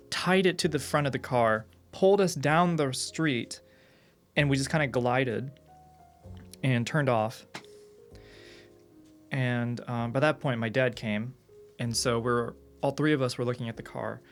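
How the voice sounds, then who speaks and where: A male streamer rambles through a story in easy casual chat, circling back on half-finished sentences and dropping the odd curse. His voice sits at an ordinary middle pitch. Faint music plays quietly behind him.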